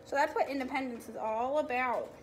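A kindergarten teacher, a woman, reading a picture book aloud to young children, with expressive storytelling and animal sounds. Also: high-pitched, brisk, a little hiss or hum.

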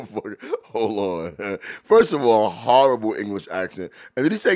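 A man hosting a podcast, reacting to old rap videos in loose, animated talk full of drawn-out exclamations. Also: on the low side. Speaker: podcast host. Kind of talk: casual commentary reacting to music videos.

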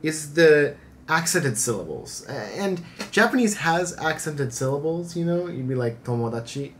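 A man's voice: on the high side, expressive, measured pace, slight background noise. Rambling, eager American man. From United States. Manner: rambling, eager explaining full of filler words. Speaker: reaction channel co-host. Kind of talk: casual chat.

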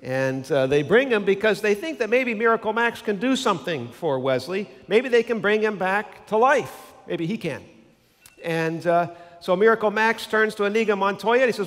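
A male pastor preaching a sermon in a warm-hearted, conversational storytelling way, earnest as he builds his point. His voice sits on the high side for a man. Long reverb from the church sanctuary trails every phrase. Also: animated, normal speed.

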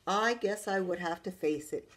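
Lower-voiced woman reading a storybook. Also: moderate pace. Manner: chatty asides to listeners. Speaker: librarian. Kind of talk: reading a picture book aloud to children.

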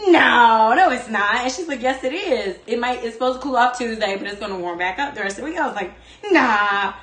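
A woman hosts a home cooking show from her kitchen, talking very fast in a fairly high voice that echoes around the room. She chats casually and expressively while she cooks, and she says "like" a lot.

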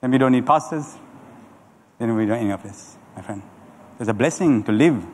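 A middle-aged man preaching a sermon as a pastor, animated and calling on the congregation to answer back. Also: mid-range voice, a little fast. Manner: animated preaching with audience call-and-response. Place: church hall. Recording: church hall with long reverb.

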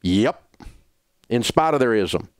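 A Southern-accented radio host ranting with blunt, preachy conviction. His pitch jumps around a lot, and his voice sits dry and close to the studio mic. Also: animated, takes it slowly, clear, resonant tone, no echo. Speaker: radio talk show host. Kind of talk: passionate on-air advice rant.

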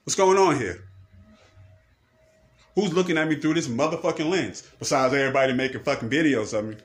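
A man's voice: medium pitch, fairly quick. A man delivering a confrontational, profanity-heavy rant to a camera, repeating himself and firing accusing questions. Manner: confrontational, repetitive, swearing. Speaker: person ranting to camera.

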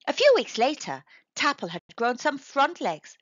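A woman reading a picture book aloud to young children in an expressive storytelling manner. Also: high-pitched, moderate pace, no room sound. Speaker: storybook reader. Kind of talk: children's read-aloud narration. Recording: dry, slightly dull recording.

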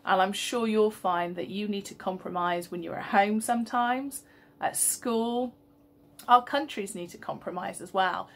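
A woman, a teacher reading a story aloud and leading school worship in a gentle, expressive way. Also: mid-range voice, unhurried. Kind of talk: storybook reading and assembly talk.

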